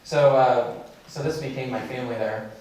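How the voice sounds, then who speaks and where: A man's voice: mid-range voice, moderate pace. Male keynote speaker, chatty storyteller, recorded from a distance in a very echoey hall. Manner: conversational, many fillers, animated storytelling. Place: large lecture hall.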